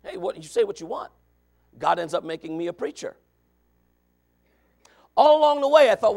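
A man preaching a sermon in a conversational way, moving from quiet asides to shouted points. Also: high-pitched, very animated, a little fast, gravelly, long pauses. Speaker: pastor.

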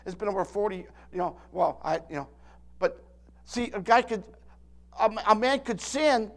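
A man's voice: sits high, animated, normal speed, vocal fry. Emphatic preacher man in his sixties. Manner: emphatic preaching with call-and-response asides; repeats and restarts words often. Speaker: pastor. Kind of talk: sermon.

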